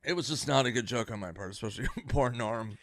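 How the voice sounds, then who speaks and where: A man's voice: mid-range voice, fast talker, no room sound, studio quality. A man, a talk show guest, telling an anecdote and acting out each person in it. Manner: animated, acting out the people in his story. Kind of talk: casual storytelling.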